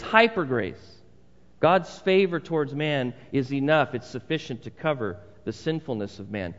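A male pastor preaching a sermon in a church, conversational with emphatic repeated phrases. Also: on the high side. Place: church sanctuary. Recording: long hall reverb, dull sound.

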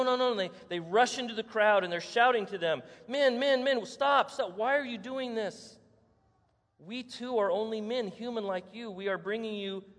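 A male preacher giving a sermon, telling the story dramatically, acting out the scenes and asking the congregation rhetorical questions. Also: a little high. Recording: echoey hall.

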